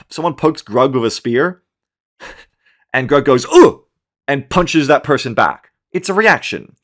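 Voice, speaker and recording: A man in his thirties giving a casual, animated game match review, swearing and acting out his own panicked reactions. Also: mid-range voice. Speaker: gaming commentator.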